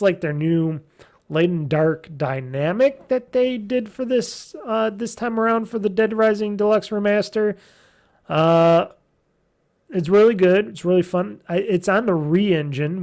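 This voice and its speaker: A man's voice: fairly high pitch, vocal fry, a little mellow. A man hosting a gaming podcast, reviewing games in a loose, chatty way with lots of fillers and restarts. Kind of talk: casual rambling game review.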